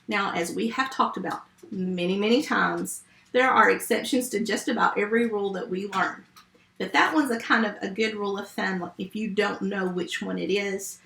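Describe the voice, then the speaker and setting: A woman's voice: mid-range voice, vocal fry, a bit bright, reverberant. A woman teaching a first grade phonics lesson remotely, patient and step by step. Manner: slow, patient, step-by-step teaching to young children.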